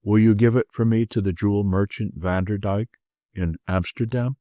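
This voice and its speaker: A quiet male captive pleads in a soft, solicitous tone from an asylum cell, as a man voices him in an audiobook. His voice is low and the recording is dry and close. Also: steady tone, normal speed, no echo, natural voice. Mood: pleading.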